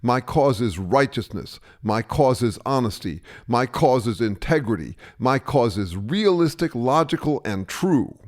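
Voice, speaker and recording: A man playing a smug, hypocritical bully who brushes off every charge and turns it back on the other person. His pitch swings widely as he blusters and lectures, sure he is always right. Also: expressive, unhurried, hardly any pauses, lightly acted. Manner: blustering, dismissive, self-righteous. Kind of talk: satirical two-man sketch dialogue.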